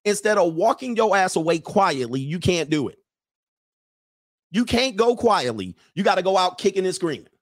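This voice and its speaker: A man's voice: high-pitched, very animated, normal speed. A man hosting a livestream show, giving a mocking, profane monologue full of repeated rhetorical questions.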